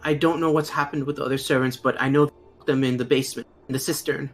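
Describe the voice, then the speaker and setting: A man puts on a frightened young servant girl in a tabletop game. Her voice is pitched well above his own and rushes along anxiously. Faint music underneath. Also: fairly even intonation, lightly acted. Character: nervous young female servant.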